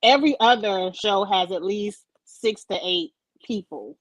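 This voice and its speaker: A woman co-hosting a relaxed online chat, holding forth with slangy, opinionated takes. Her voice sits mid-range and is picked up close on a dry microphone with no room sound. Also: mid-range voice, a little slow, no echo, low-quality recording. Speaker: podcast co-host. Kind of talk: casual reality-TV chat. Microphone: desk mic.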